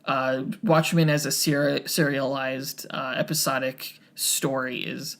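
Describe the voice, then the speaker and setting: A man's voice: medium pitch, little pitch movement, unhurried, creaky, fairly bright tone. A young man co-hosting a podcast, talking casually with many fillers and restarts. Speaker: podcast co-host.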